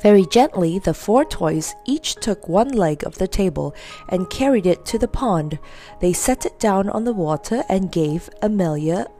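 A woman narrates a children's story with an animated, rising and falling voice. Her tone is mellow and relaxed, with faint music underneath. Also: mid-range voice. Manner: lively, expressive.

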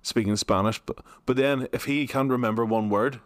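A man co-hosting a podcast, telling stories in a casual, excitable way and swearing freely. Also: medium pitch, moderate pace, dry recording. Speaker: podcast co-host. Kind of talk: casual chat.

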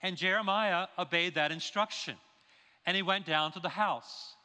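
A man's voice: high voice, moderate pace, bright, forceful tone, smooth. A man preaching a sermon in a church, stressing his points with rhetorical questions. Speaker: pastor. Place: church sanctuary. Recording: long reverb of a large hall.

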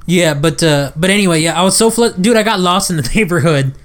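A young man co-hosting a casual chat, telling a story in a rambling, halting way. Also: sits high, a bit bright. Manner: rambling, halting, full of restarts. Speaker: podcast co-host.

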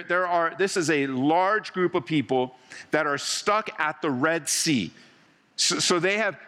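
A man pastor preaching a sermon to his church. He is animated, acting out the crowd's voices and swinging between loud and hushed. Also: sits high, long reverb tail. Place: church sanctuary.

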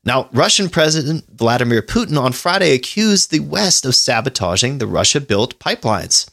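A man's voice: medium pitch, sing-song, normal speed, vocal fry, fairly bright tone, dry recording, studio quality. A man hosting a podcast, reading news aloud in casual chat and riffing irreverently with swearing and laughter. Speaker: podcast host.

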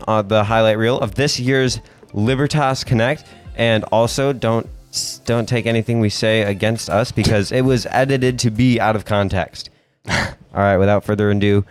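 A man's voice: on the low side, normal speed, clean tone, soft background music. A young man in his late teens co-hosting a casual podcast, chatty and upbeat, with frequent "uh" fillers. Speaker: podcast co-host. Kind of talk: casual chat.

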